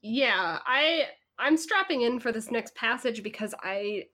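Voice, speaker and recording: A woman's voice: on the high side, lively intonation, a little slow, pushed and bright. A woman co-hosting a podcast, chatting with sardonic, exasperated comments and laughing along. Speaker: podcast co-host. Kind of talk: casual chat.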